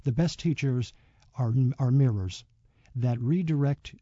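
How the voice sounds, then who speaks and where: A man being interviewed as a yoga teacher, speaking reflectively and telling a story with many pauses and fillers. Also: medium pitch, mellow, dry recording, muffled recording. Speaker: yoga teacher and author, guest. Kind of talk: radio interview.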